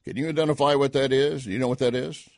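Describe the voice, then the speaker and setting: A man's voice: mid-range voice, steady tone, fast, no echo, clean studio sound. A man hosting a live online talk show, giving opinionated news commentary with sarcastic asides and rhetorical questions to his viewers.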